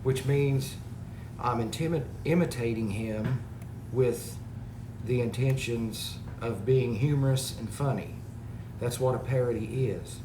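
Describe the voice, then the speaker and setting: A man's voice: mid-range voice, measured pace. Exasperated man ranting in an echoey room. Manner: exasperated, rambling, reads comments aloud. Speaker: parody video maker. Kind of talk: casual complaint to camera. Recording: echoey room with background noise.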